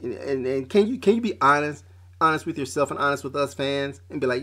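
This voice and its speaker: A man's voice: medium pitch, expressive, brisk, pushed and bright. A man in an unscripted podcast rant, talking in a mid-range voice. He is blunt and profane, leans on street slang, and keeps restarting his sentences. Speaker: podcast host. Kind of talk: off-the-cuff rant.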